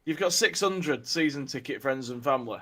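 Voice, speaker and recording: A man's voice: mid-range voice, expressive, brisk, fairly bright tone. A man with a Yorkshire accent co-hosting a football podcast, easygoing and plain-spoken. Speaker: podcast co-host. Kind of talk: casual football podcast chat.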